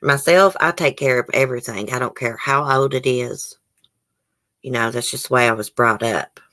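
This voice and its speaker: A woman talks casually to her live-stream audience, reading comments aloud as she goes. Her voice sits low for a woman. She keeps an easygoing, chatty manner. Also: normal speed, sharp tone. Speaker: YouTube host.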